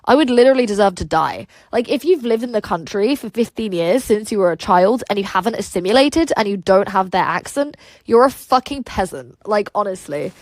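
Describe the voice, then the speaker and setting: A woman's voice: mid-range voice, lively intonation, brisk, no room sound. Profane British-accented young woman streamer. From Russia. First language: Russian. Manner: blunt and profane, laughs often. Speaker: livestreamer. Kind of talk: casual livestream chat, reading out comments.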